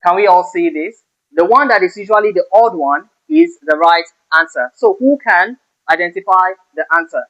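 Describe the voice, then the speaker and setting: Male tutor, high-pitched, punches stressed words, muffled lo-fi recording. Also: moderate pace, fairly bright tone. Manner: stresses key words sharply when giving examples. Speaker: English teacher. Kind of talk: exam-prep lesson. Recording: slightly dull lo-fi sound.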